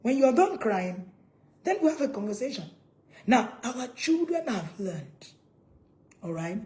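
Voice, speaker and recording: A woman's voice: a little high, very animated, measured pace, mellow. A woman, a parenting coach giving an earnest, emphatic talk to viewers and laughing between points.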